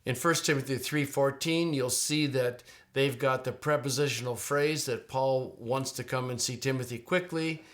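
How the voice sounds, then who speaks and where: A middle-aged man talking through a Greek text on his screen, like a teacher at his desk. He speaks casually and conversationally, repeating words and restarting his phrases, with a plain, mid-pitched voice. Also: moderate pace, few pauses, a bit bright.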